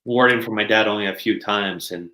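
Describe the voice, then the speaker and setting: A man's voice: on the low side, fairly quick, bright, forceful tone. A man, a podcast guest telling stories casually, laughing often and using many fillers. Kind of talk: casual storytelling. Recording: roomy echo.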